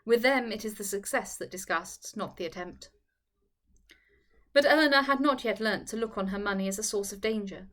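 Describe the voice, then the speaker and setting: A woman reading a classic novel aloud as narrator in a measured, formal manner. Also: medium pitch, fairly bright tone. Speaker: audiobook reader.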